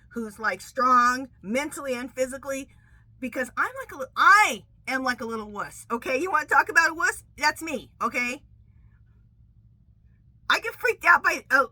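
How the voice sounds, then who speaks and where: Chatty woman, bright voice. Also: high voice, no echo, low-quality recording. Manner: chatty and animated, says "okay?" constantly, laughs a lot while storytelling. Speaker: tarot reader and channel host. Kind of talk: casual tarot vlog chat. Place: outdoors at home.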